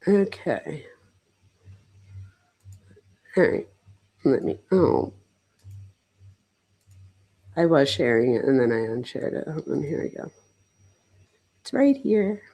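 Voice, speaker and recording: Gravelly low-voiced woman, chatty. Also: big pitch swings, takes it slowly, pauses often, warm tone. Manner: chatty and loose, with many "like"s and self-interruptions. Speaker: psychologist hosting a true-crime livestream. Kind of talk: casual livestream commentary.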